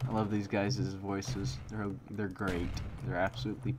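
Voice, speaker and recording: A man's voice: on the low side, little pitch movement, moderate pace, noisy background. A young man giving live gameplay commentary, reacting and muttering to himself, repeating phrases as he plays. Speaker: gaming commentator. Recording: game gunfire loud behind voice. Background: game gunfire and explosions.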